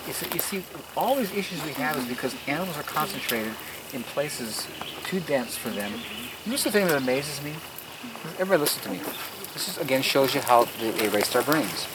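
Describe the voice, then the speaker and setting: A man with a mid-range, expressive voice, talking a little fast, gives an outdoor tour of his garden, telling stories casually but earnestly and emphatically, with preacher-like asides. It's a field recording with outdoor noise.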